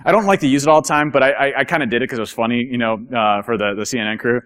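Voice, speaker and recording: A man giving a casual, chatty conference talk to a live audience, telling stories in an animated way. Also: medium pitch, very fast, clear, resonant tone. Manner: chatty, animated, acts out quoted voices. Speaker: conference speaker.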